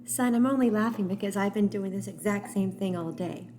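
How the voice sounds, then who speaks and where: Woman doing a gruff grieving old man. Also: medium pitch, brisk, a little mellow, a little hiss or hum, lightly acted. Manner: gruff, plain-spoken. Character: grieving older man, gruff but kind.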